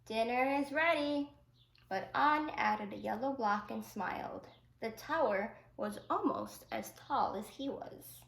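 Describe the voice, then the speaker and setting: A woman teacher reads a picture book aloud to young children, adding gentle explanatory asides. Her voice is slightly high and slow, with a gravelly creak. The room is echoey. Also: animated.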